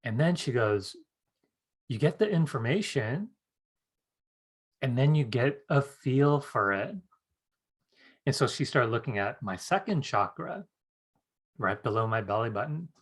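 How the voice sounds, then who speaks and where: Middle-aged male workshop teacher, lively storyteller, medium pitch. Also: unhurried, pauses often, slightly rough. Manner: animated storyteller acting out quoted voices. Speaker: psychic development teacher.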